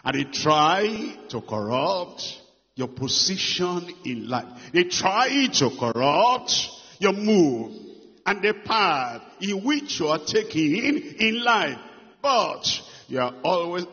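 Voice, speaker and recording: A man preaches slowly and emphatically, his husky, bright-edged voice rising and falling in a lively way. He repeats his points for weight. The sound is muffled, with a long hall echo behind it. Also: high-pitched. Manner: emphatic, repeats phrases for effect, swings between loud and hushed. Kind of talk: sermon.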